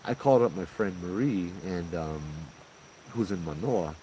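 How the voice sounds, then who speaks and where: A man recounts a ghost story in a loose, conversational way. He is animated and keeps checking in with "you know" and "right?" as he talks. Faint crickets chirp in the background. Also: deep voice, normal speed, slight background noise, low-quality recording. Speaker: paranormal storyteller host. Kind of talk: casual spoken ghost story.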